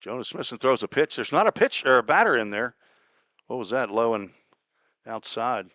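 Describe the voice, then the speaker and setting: A man from Cincinnati calling a baseball game play by play, chatty and folksy, drifting into small talk between pitches. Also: sing-song, normal speed, bright, forceful tone, no echo. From Cincinnati, Ohio. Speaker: play-by-play announcer. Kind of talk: live baseball radio commentary.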